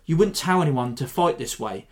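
A man hosting a podcast, giving a rambling, animated breakdown of a fight in a self-deprecating way. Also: mid-range voice, moderate pace. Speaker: podcast host. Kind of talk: casual fight analysis.

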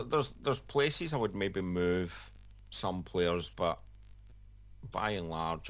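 A man giving measured, dryly humorous football opinions as a podcast pundit, hedging his points. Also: sits low. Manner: measured, dry humour, hedging. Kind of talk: casual panel chat.

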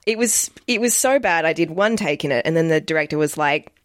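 A woman's voice: low-pitched, animated, fairly quick, dry recording, studio quality. A woman hosting a podcast in casual chat, playful and teasing, swearing now and then. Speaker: podcast host. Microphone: studio microphone.

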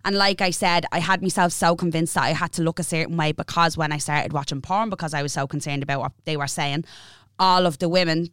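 A woman in her twenties with an Irish accent co-hosts a casual podcast, frankly and animatedly telling a personal story while swearing freely. Her low voice is fast, fairly bright, clear and resonant with fairly even intonation, recorded with studio quality and no room sound.

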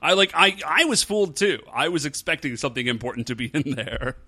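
His voice is husky and a little high, and he talks briskly. As a podcast co-host recapping a TV show in casual conversation, he stays animated, laughing and cracking jokes.

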